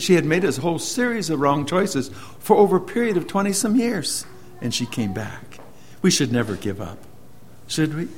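A man preaching a sermon as an earnest storyteller, moving between loud emphasis and hushed, slowed lines. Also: fairly high pitch, a little hiss or hum.

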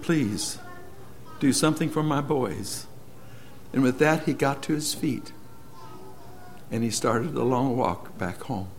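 A man's voice: a little high, slight background noise. Earnest male preacher telling a story. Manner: earnest, swings between loud emphasis and hushed, slow lines. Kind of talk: sermon storytelling.

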